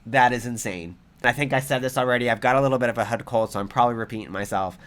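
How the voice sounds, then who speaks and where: A man's voice: mid-range voice, rapid-fire, fairly bright tone, clean tone. A man giving angry, profane reaction commentary in a heated ranting manner. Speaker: commentary vlogger.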